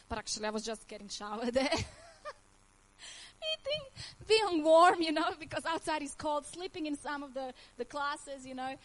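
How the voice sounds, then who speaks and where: A woman's voice: high-pitched, animated, normal speed, low-quality recording. Croatian woman giving a heartfelt testimony. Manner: earnest, emotional, laughs often, nonnative grammar. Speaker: testimony speaker. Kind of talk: personal faith testimony.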